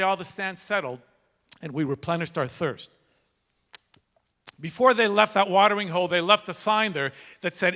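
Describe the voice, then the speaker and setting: A middle-aged man preaching a sermon, telling a story with dramatic swings from loud to hushed. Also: sits high. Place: large church hall. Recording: echoey church hall.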